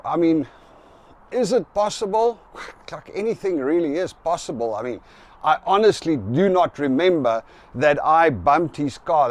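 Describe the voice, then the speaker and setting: A middle-aged man with a South African accent tells a story straight to camera in a casual, chatty way. His voice sits a little high for a man. He gets animated as he acts out both sides of an argument. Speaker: vlogger.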